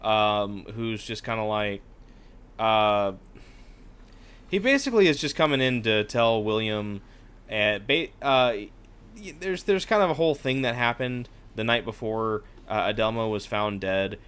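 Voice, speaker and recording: A man's voice: lowish voice, lively intonation, unhurried, a bit bright, smooth. A man co-hosting a casual book podcast, talking in an irreverent, mocking way and breaking into silly voices. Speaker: podcast co-host.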